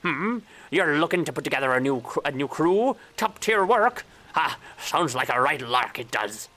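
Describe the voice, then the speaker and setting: A woman doing a gruff old pirate. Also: sits low, lively intonation, moderate pace, a bit bright. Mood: hearty. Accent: mock British pirate. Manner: reads game dialogue aloud in a pirate voice. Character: gruff old male pirate adventurer, boisterous.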